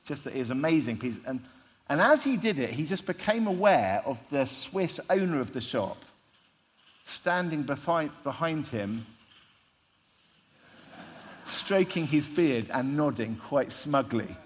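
A man's voice: on the high side, big pitch swings, measured pace, long pauses. A man preaching a sermon, telling stories in an emphatic, conversational way. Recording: long reverb of a large hall.

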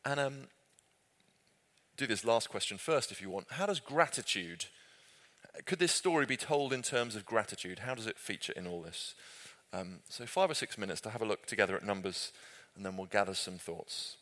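A man leading a group Bible study, conversational and self-correcting with gentle humor. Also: on the low side, lively intonation, normal speed. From Britain.

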